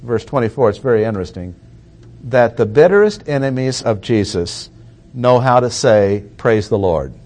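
A man preaching an expository sermon, reading verses aloud and repeating key points with deliberate emphasis. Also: mid-range voice, expressive, darkish tone.

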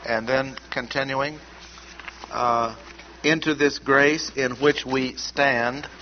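Man teaching scripture in measured, emphatic tones. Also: mid-range voice, steady tone. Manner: measured, emphatic, repeats key words. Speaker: Bible teacher. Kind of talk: expository Bible teaching. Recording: dull lo-fi recording with faint noise.

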